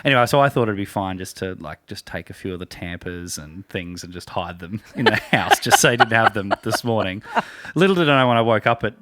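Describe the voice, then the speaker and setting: A man's voice: fairly low pitch, animated, a little fast, sharp tone, no echo, studio quality. A man, co-hosting a podcast in casual chat, joking and laughing through his stories. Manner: jokey, laughs while telling stories. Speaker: podcast co-host.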